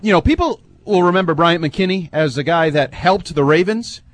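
A man's voice: on the high side, moderate pace, dry recording. A man co-hosting a sports talk radio show, joking and confidently making predictions in casual banter.

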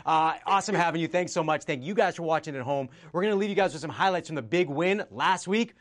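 A man's voice: fairly high pitch, crowd noise. A man hosting a show, upbeat and hyping his guest as he wraps up. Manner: upbeat, hyping, fast-talking. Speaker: host. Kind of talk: casual show sign-off.

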